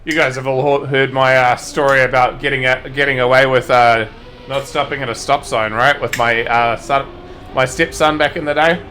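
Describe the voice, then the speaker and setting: Rambling New Zealand streamer, bright voice. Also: male voice, medium pitch, steady tone, moderate pace, slight background noise. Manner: rambling, swears casually, self-correcting. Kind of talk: casual storytelling while gaming.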